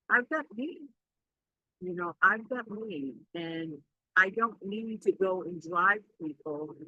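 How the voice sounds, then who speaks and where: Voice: medium pitch, pushed and bright, dry recording, rough recording. A Reiki practitioner talking casually in a spiritual vlog, rambling and reflective as they reassure themselves aloud.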